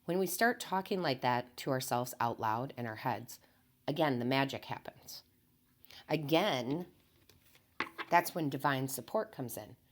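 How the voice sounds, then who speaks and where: A woman with a strikingly deep, low voice gives a spiritual motivational talk to her viewers as a tarot reader. She speaks calmly and earnestly, repeating her key phrases and keeping things unhurried and never hyped up.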